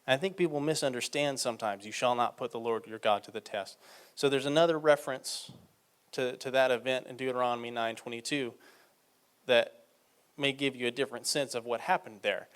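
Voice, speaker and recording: Male preacher, conversational sermon delivery, stretches words for emphasis, mid-range pitch. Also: brisk, a bit bright, clean tone. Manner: reads scripture aloud and explains it conversationally.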